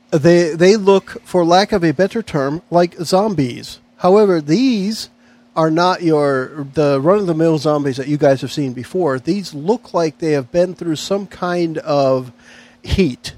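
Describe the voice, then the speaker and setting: A man's voice: fairly high pitch, a little mellow. A man narrating a tabletop game as game master, playful and loose, with fillers between his descriptions.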